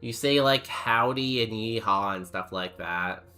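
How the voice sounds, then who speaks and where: A man's voice: low-pitched, animated, normal speed, pushed and bright, soft background music. A young man streaming a game, chatting casually with his chat in a rambling, jokey way full of fillers. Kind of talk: casual chat while playing and reading chat.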